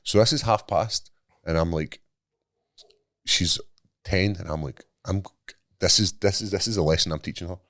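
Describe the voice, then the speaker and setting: A man's voice: sits low, moderate pace, long pauses, dry recording, clean studio sound. A man in his thirties with a Scottish accent, co-hosting a podcast and telling stories in casual, sweary chat. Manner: swearing, storytelling, animated asides. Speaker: podcast co-host. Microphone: studio mic.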